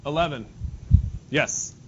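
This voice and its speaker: A man's voice: fairly high pitch, slow pace, fairly bright tone. A male math teacher leading a classroom lesson, casual and joking, calling on students by name. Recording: dull lo-fi classroom recording with faint noise.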